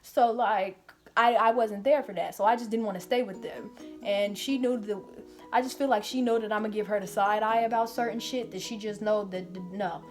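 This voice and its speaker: A woman vlogger chats through a get-ready-with-me storytime in a casual, cursing, animated way. Her voice sits at an everyday middle pitch. Soft music plays faintly under her talk. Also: normal speed. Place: grandmother's apartment indoors.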